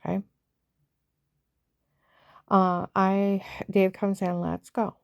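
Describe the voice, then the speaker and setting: A woman's voice: medium pitch, level tone, drawn-out words, gravelly, dry recording, highs cut off. A woman giving an agitated, rambling personal account and acting out what other people said. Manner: agitated, rambling retelling that acts out others' lines.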